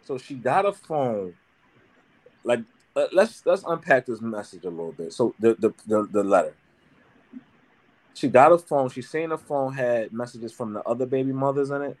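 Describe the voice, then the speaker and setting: A man's voice: mid-range voice, animated, moderate pace. A man co-hosting a casual podcast chat, skeptical and blunt, joking as he argues his point. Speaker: co-host.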